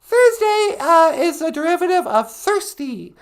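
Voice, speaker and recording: A man's voice: extremely high pitch, big pitch swings, a little slow, pitched above the performer's own voice, heavily acted. A man voicing a bubbly, sing-song wife in a puppet comedy show. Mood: chirpy. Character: chirpy high-voiced wife at home.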